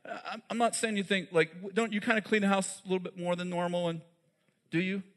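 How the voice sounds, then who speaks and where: A man's voice: high voice, steady tone, fast talker, fairly bright tone. A man preaching a sermon in a conversational way, asking the audience questions and laughing at his own jokes.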